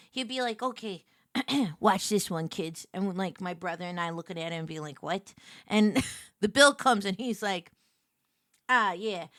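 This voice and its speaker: Bright, animated woman streamer. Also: medium pitch, no echo, clean studio sound. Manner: animated, jokey, swings between loud squeals and murmurs. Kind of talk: casual live-stream chat.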